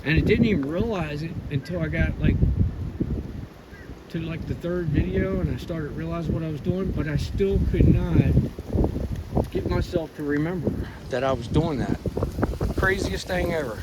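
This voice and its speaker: A man's voice: fairly high pitch, moderate pace. Rambling man filming in windy woods. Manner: rambling, apologetic, self-questioning. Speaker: outdoor vlogger. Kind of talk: casual walking commentary. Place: outdoors in woods. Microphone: handheld phone. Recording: loud wind and outdoor noise on phone mic.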